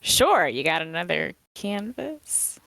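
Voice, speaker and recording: A woman's voice: on the low side, big pitch swings, slow pace, vocal fry, fairly bright tone, no echo. A woman playing a tabletop game, talking in a playful, upbeat way. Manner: playful and upbeat, often laughing. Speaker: player.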